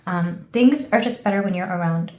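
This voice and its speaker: A woman from the United States giving a casual tarot reading, rambling and thinking aloud with soft fillers. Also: lowish voice, normal speed, reverberant. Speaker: tarot reader.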